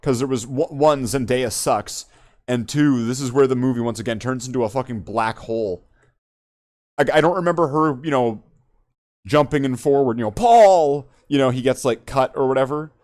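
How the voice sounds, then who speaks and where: Guy on a podcast rambling and joking around, swears a lot, average pitch. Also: a little fast. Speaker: podcast host. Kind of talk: casual profane chat.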